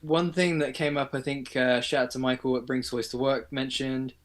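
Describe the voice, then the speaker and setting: Earnest male guest, mid-pitched. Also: little pitch movement, moderate pace. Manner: earnest, explains his thoughts with restarts and fillers. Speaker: guest on a toy collecting livestream. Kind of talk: casual chat.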